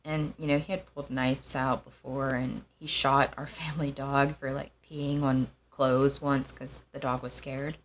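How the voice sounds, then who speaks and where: A young adult woman telling a personal story in a halting, soft-spoken way, with frequent pauses. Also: rumbling low, little pitch movement, slight background noise. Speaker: host.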